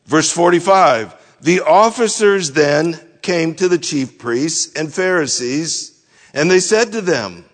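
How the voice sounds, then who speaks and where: Slow-speaking male pastor in a reverberant hall. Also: fairly high pitch, lively intonation. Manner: explains verse by verse, rhetorical questions. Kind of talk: expository sermon.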